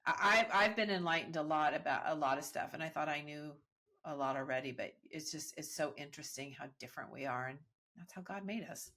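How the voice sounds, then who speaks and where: Female podcast host, lower voice; thoughtful, agreeable, a bit rambling. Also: quick pace, fairly bright tone. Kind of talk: conversational interview.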